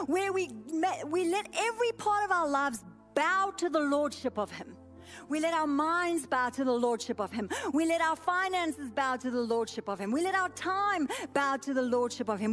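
A woman pastor in her thirties preaching a sermon with an emphatic, repetitive cadence. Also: high-pitched.

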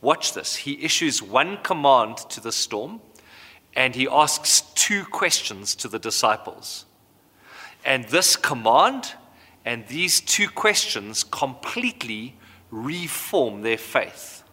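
A man's voice: medium pitch, slow. Preaching man in an echoing hall. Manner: animated storytelling, acts out voices. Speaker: pastor. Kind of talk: sermon. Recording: hall reverb.

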